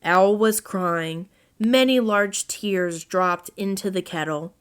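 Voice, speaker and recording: A woman reading a children's storybook aloud as narrator, in a gentle read-aloud manner. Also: medium pitch, takes it slowly, smooth.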